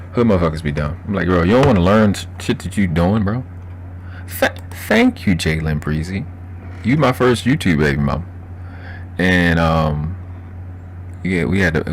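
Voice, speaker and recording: A man's voice: low-pitched, slight background noise. A man from Baltimore with a Baltimore accent, chatting casually and profanely on a livestream while answering chat. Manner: loose, profane, laughing, reading chat aloud. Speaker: livestream host.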